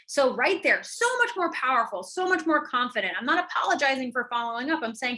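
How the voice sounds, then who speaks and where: A woman online business coach giving a live training, emphatic and energetic, often tagging her points with quick questions. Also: sits high.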